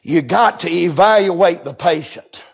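A high-pitched, gravelly preacher in full revival cry, dropping to a low murmur and then rising into hoarse, sing-song shouts. His voice is husky and rough. The recording sounds dull and lo-fi. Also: lively intonation, measured pace. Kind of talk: shouted Southern revival sermon.

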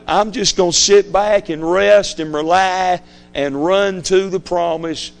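A man's voice: sits high, steady tone, measured pace, vocal fry. A man preaching a fiery sermon, emphatic and repetitive, hammering his points home. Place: church sanctuary.

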